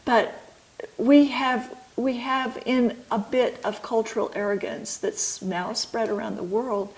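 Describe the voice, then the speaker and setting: A middle-aged woman, an author and midwife, explaining her ideas slowly and thoughtfully in an interview. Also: fairly high pitch, darkish tone, poor audio.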